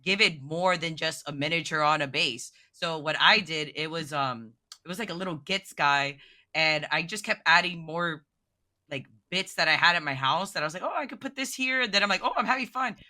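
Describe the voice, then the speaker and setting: On a podcast, a woman who paints miniatures talks as a guest in a low voice at a moderate pace. She chats casually and gets excitable and emotional, dropping "like" constantly.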